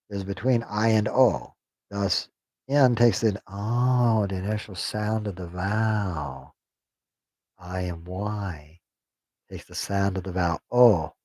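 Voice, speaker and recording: A man reading a text aloud on a stream, sounding out unfamiliar words haltingly and joking to himself. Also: on the low side, darkish tone, no echo. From United States. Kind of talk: casual reading aloud on a livestream.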